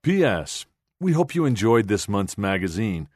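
A man reading a children's magazine aloud in a clear, deliberate scripted style. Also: lowish voice, sing-song, no room sound, clean studio sound. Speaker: magazine reader.

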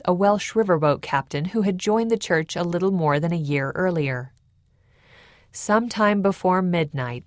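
A woman narrating a historical account in a measured, even storytelling style. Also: lowish voice, no echo, studio quality.

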